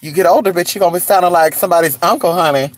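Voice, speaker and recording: A vlogger in a casual gossip chat outdoors in the cold, sassy and animated, calling listeners honey and girl. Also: medium pitch, racing.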